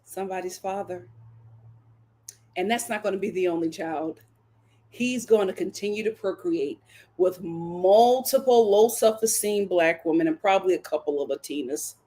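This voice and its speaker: A woman's voice: fairly low pitch, normal speed, dark tone. A woman hosting a reality TV recap, blunt and dramatic, acting out quotes in voices. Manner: blunt, sassy humor. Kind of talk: animated solo commentary.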